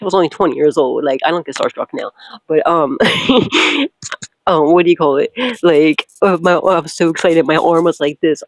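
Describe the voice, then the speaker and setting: A young adult woman, a tarot reader, chatting casually: loud, laughing often and swearing freely. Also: low voice, no echo, rough recording. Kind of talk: casual storytelling and tarot reading.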